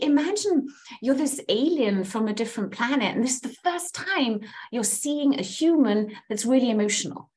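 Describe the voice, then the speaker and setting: A woman leads a group session on how to listen. Her pitch swings widely as she acts out sample phrases. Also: moderate pace. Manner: animated, acts out example phrases. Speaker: coach.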